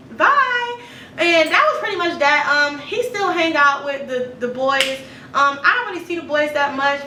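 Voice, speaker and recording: A woman vlogger telling a storytime to her viewers, animated, blunt and profane, talking directly to them. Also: high-pitched, a little hiss or hum. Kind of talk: storytime vlog. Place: apartment room. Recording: echoey room, a bit far from the mic.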